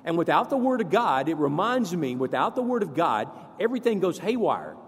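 A man preaching a sermon, animated and expressive, leading his congregation to repeat scripture back with him. His voice sits a little high and carries a husky edge. The sound rings with a long reverb, as if in a large church sanctuary. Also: a little fast. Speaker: pastor.

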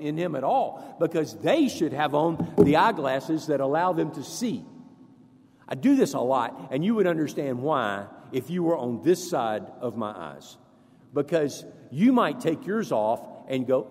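A man preaching a sermon as pastor, leading the congregation through verses in an animated way. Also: on the high side, breathy edge, long reverb tail.

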